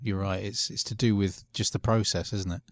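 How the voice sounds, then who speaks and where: Easygoing man with a low voice. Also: fairly even intonation, fairly quick, dry recording, studio quality. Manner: laughs easily, short agreeing replies. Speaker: podcast co-host. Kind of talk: casual chat.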